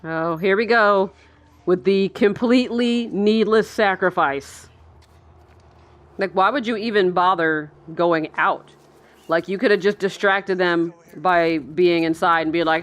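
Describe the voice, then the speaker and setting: A woman's voice: fairly low pitch, unhurried, no echo. Chatty, sarcastic woman commentating a movie. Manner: chatty and sarcastic, swears and laughs often. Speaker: film reaction commentator. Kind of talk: casual live movie commentary. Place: indoors, seated in a chair.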